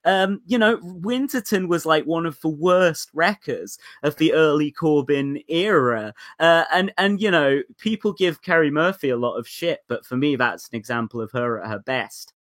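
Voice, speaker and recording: Animated man in casual political chat. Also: fairly high pitch, moderate pace, few pauses, no echo, clean studio sound. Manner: animated, mocking, swears casually.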